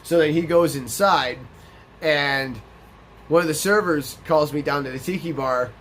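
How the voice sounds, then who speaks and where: Animated, cursing male gaming storyteller. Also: on the high side, a little slow, a little hiss or hum. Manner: animated, profane storyteller who acts out quotes. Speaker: let's play host. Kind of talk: storytelling over gameplay commentary.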